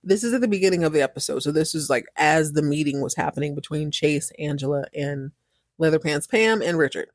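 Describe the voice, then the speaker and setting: Chatty woman with a low voice. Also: brisk, no echo, clean studio sound. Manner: slangy, chatty, laughs often. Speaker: podcast host. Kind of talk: casual show recap.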